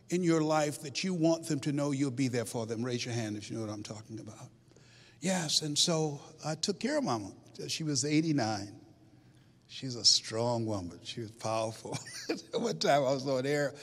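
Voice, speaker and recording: A man giving a dramatic storytelling speech to a live audience as a motivational speaker, swinging from hushed tones to shouts. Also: mid-range voice. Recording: long hall reverb.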